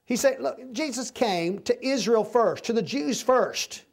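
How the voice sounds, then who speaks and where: A man's voice: very high voice, expressive, a little slow, creaky. A man preaching a conversational, verse-by-verse sermon in a folksy manner, often checking that his listeners are following.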